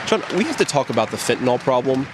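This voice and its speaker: A man in his forties answering questions in a TV news interview, with a measured, talking-point delivery. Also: medium pitch, big pitch swings, crowd noise, background noise. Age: 40s. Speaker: politician interviewed on TV.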